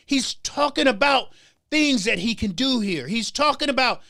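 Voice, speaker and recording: A man's voice: very high voice, expressive, normal speed, creaky, pushed and bright, no echo, clean studio sound. A man hosting a political talk show, delivering a heated commentary monologue with stammered restarts and a preacher-like rhythm. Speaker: show host.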